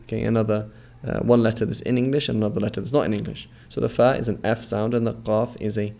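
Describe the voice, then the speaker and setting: A man teaching Arabic letter sounds, patiently repeating each sound slowly and checking with the listener as he goes. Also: fairly low pitch, little pitch movement, vocal fry, mellow. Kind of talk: instructional explanation with repeated model words.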